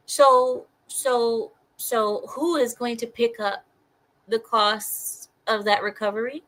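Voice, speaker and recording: Woman ranting on the news, bright sharp voice, slow deliberate pace, keeps repeating herself. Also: a little high, rough recording. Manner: exasperated, mocking, repeats herself. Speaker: political commentator. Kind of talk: reacting to news on camera.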